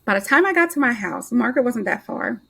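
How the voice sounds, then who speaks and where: This is a middle-aged woman with a fairly high voice, telling a personal story as a podcast guest. She is animated and lively. She slips in and out of the voices of the people she describes, playing out their back-and-forth. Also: gravelly, slightly rough. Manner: animated storyteller who acts out others' dialogue in quick back-and-forth. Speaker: podcast guest, author and life transitions coach.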